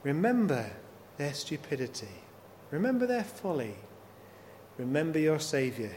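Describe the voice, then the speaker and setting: A man's voice: a little high, sing-song, unhurried, darkish tone. A man preaching a sermon, working through scripture with repeated rhetorical questions. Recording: long hall reverb, faint noise.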